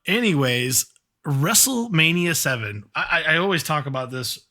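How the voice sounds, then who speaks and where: A man co-hosting a casual podcast, easygoing and quick to banter. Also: a little high, lively intonation, sharp tone. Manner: laughs often, easygoing banter. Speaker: podcast co-host. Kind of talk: casual chat.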